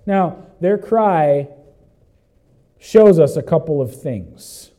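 An emphatic male preacher with a high yet mellow voice. He repeats phrases, asks his listeners questions, and swings from loud cries down to low, intense stretches. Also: takes it slowly, rough recording. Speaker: pastor. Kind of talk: sermon.

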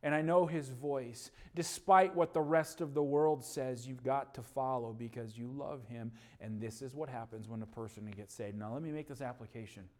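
A man preaching a sermon, moving between loud emphatic passages and quiet, low stretches, with homely stories about his dog and family. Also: fairly even intonation, moderate pace, hardly any pauses.

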